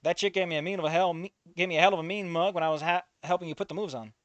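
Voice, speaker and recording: A man's voice: high voice, racing, fairly bright tone, no room sound. A man voicing a smarmy, nosy middle-aged male cab driver with a nasal, mocking voice. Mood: smug. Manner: mocking, teasing.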